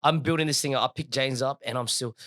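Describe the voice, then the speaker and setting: A young adult man, a podcast co-host telling a story in casual, slangy chat, animated and laughing as he goes. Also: mid-range voice, fast talker, no echo, studio quality.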